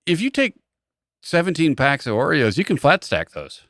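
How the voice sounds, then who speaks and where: A man's voice: a little high, sing-song, moderate pace, fairly bright tone, dry recording, clean studio sound. A man co-hosting a comedy podcast, riffing on stories and acting out scenes with silly voices. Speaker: podcast co-host. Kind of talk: casual comedic banter.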